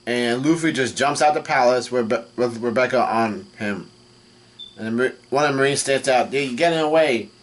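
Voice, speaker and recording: A man casually recapping a comic chapter as he reads, stumbling over names and restarting lines often. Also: medium pitch. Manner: halting, full of restarts and fillers, reads quoted lines flatly. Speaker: manga reaction vlogger. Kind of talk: casual recap while reading.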